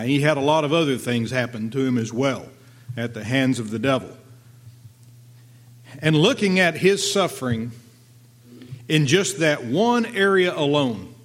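Plain-spoken male Bible teacher. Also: medium pitch. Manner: earnest, conversational preaching with rhetorical questions. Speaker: pastor.

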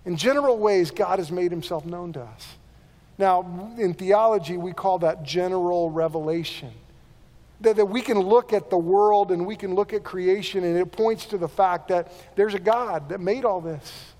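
A pastor preaches earnestly in a voice noticeably high for a man, a little mellow, at normal speed. He frequently repeats and restarts words while working through his points, and a long, church-like reverb surrounds the sound.

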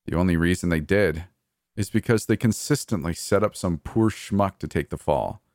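A man's voice: low-pitched, normal speed, a little mellow, no room sound, clean studio sound. A man voicing a cold, gleeful, murderous adult brother in a horror story, with a taunting, sneering delivery. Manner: taunting, sneering, coldly cheerful.

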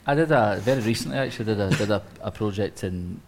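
Low-voiced guy rattling through a story fast, lots of restarts and acted-out quotes. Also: slight background noise. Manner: animated storyteller who acts out quotes, many restarts. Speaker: interior designer. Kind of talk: anecdote on a live panel talk.

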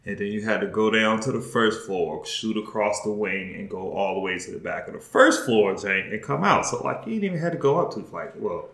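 A man's voice: lowish voice, a little fast, gravelly, hardly any pauses, echoey room. A man hosting a podcast, telling a story in casual chat, laughing and swearing as he goes. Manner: laughing, profane, animated retelling. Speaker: podcast host.

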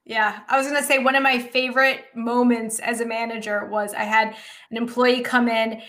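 A woman with a high, bright voice tells a story in a relaxed podcast conversation. She is animated and quick to laugh as she speaks. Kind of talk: casual storytelling chat.

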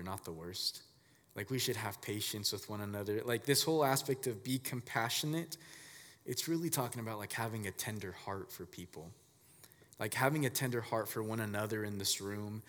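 A man giving a casual, conversational sermon as a pastor, telling stories in a relaxed, filler-heavy way. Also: mid-range voice, in a large hall.

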